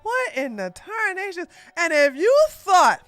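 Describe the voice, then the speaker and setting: A woman's voice: very high-pitched, very animated, measured pace, a bit bright, no room sound, full character voice. A woman putting on a flamboyant, sassy man just out of jail, campy and drawling. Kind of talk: mocking podcast impression.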